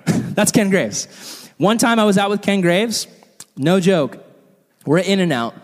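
A man preaching a sermon in a church hall with animated, comic storytelling. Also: high voice, slow, pauses often. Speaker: pastor. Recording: long hall reverb.

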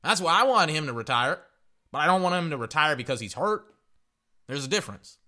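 A man's voice: a little high, fairly quick. A man hosting a sports podcast, chatting casually and rambling through play-by-play with frequent restarts. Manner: rambling, restarts, excited outbursts. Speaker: podcast host.

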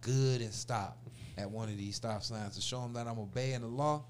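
In a casual chat, a man in his forties tells a long story at normal speed in a mid-range voice, with slight background noise. His street talk is packed with slang and swearing, and he animatedly acts out the voices of the people involved.

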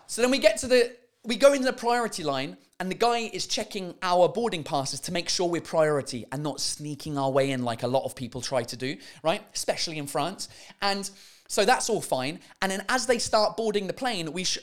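A man's voice: high-pitched, lively intonation, normal speed. A man hosting a podcast, telling a story as an exasperated, profane comic rant. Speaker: podcast host.

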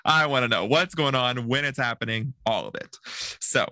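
Male podcast guest, animated storyteller, bright tone, plays out the quotes. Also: medium pitch, moderate pace, no echo. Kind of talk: casual podcast chat.

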